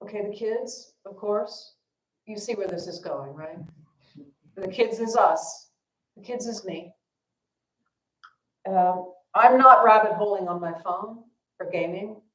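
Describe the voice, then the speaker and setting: A woman's voice: mid-range voice, takes it slowly, long pauses, a bit bright. A woman dharma teacher telling a story at a family service, casual and self-deprecating, with fillers. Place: temple hall. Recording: echoey temple hall.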